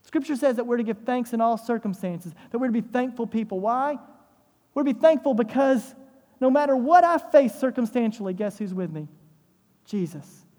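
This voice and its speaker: A pastor delivers an emphatic sermon in a mellow, warm voice, driving points home with rhetorical questions and repetition. The voice rings out with a long hall reverb in a church sanctuary. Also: medium pitch, lively intonation, moderate pace.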